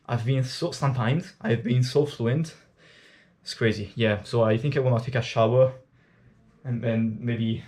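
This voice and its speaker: A man's voice: medium pitch, a little mellow. An Italian man, a native Italian speaker, chatting casually and candidly to camera during his workout, rambling and swearing freely. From Italy. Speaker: fitness vlogger.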